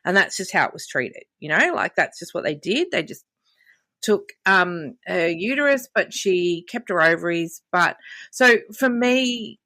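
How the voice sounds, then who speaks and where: In a dry recording, a woman in her fifties talks frankly on a podcast, her anecdotes full of quoted lines. She has a lowish voice with lively intonation, a sharp tone, and a slightly slow delivery.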